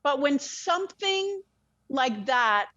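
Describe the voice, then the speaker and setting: A woman, an interview guest, telling a very personal story in an animated way, swearing freely and often restarting her sentences. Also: high-pitched, takes it slowly, no echo. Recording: dull lo-fi dry sound.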